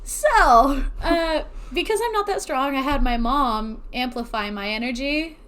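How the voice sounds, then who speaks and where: Excitable high-voiced woman podcaster. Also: normal speed. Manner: excitable, swears freely, laughs often. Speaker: podcast co-host. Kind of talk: casual chat.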